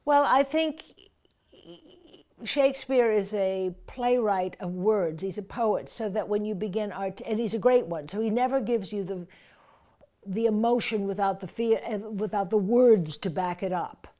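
A woman's voice: mid-range voice, a little slow, dark tone. A woman voice coach explaining how to breathe through verse lines, now and then reading lines aloud with force. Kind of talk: teaching verse speaking with readings.

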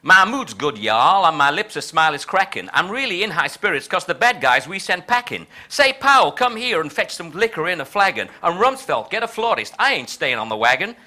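Man doing a put-on Texan accent, boastful president, swaggering folksy drawl, lively pitch, bright tone. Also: fairly quick, few pauses, heavily acted. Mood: gloating. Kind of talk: dramatic reading of translated verse.

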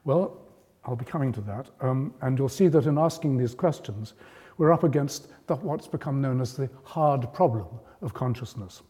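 Guy giving a lecture, mellow low-key voice, big hall echo, steady explaining tone. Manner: measured, explanatory, rising emphasis on key points. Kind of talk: public lecture. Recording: long reverb of a lecture hall.

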